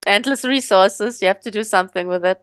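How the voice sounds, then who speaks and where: A woman's voice: mid-range voice, fairly quick, a bit bright, no room sound. A woman co-hosting a podcast in casual chat, thoughtful and rambling, with many fillers and restarts. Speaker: podcast co-host.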